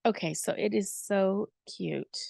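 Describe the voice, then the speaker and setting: A woman's voice: mid-range voice, measured pace, vocal fry, warm tone, breathy edge, no echo. A middle-aged woman hosting a podcast in casual chat, gushing and emotional as she talks with her son. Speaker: podcast host.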